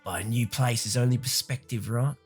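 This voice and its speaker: A man voicing a gruff male warrior turned rambling philosopher, in a low, solemn, drawn-out voice. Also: faint music behind.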